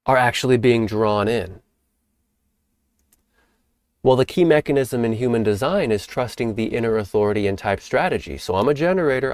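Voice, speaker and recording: A man hosting a spiritual teaching talk, speaking in a calm, reflective way and sometimes acting out playful examples. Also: medium pitch, no room sound. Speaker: host.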